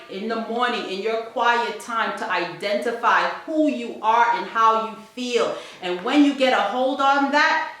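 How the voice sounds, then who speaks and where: A bright-voiced woman speaking with emphatic, preachy conviction and repeating her points. Her voice sits a little high. The recording rings with heavy room echo. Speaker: family vlogger. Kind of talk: motivational talk. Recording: very echoey room.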